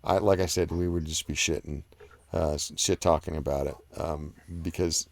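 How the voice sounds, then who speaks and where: His voice rumbles low, steady in tone and normal in speed, in a dry recording. He's a live-stream host reading chat comments aloud and talking about them casually and ramblingly, with frequent fillers and restarts.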